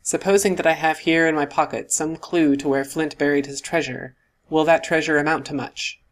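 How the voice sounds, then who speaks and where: A man voicing a calm, dry-witted middle-aged doctor who speaks in a measured way. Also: fairly high pitch, close to an everyday voice. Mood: composed.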